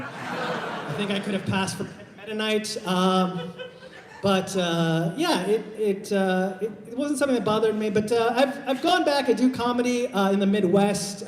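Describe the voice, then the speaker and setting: A man from Iowa doing a stand-up set, low-key and halting with lots of fillers, into a stage mic at a live show. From Iowa, USA. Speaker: stand-up comedian. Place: live comedy show in a hall. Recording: roomy hall reverb.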